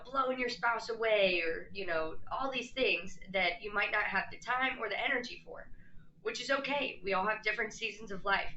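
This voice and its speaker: Woman coach chatting to camera, crisp bright voice, echoey room, bit muffled. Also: mid-range voice, a little hiss or hum. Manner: earnest, conversational, acts out quoted lines. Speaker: life coach. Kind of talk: casual talk to camera.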